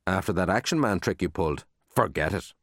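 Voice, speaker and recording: A man's voice: low voice, animated, brisk, a bit bright, dry recording, clean studio sound. A man voicing a scared, earnest young schoolboy who stammers and pleads. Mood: pleading.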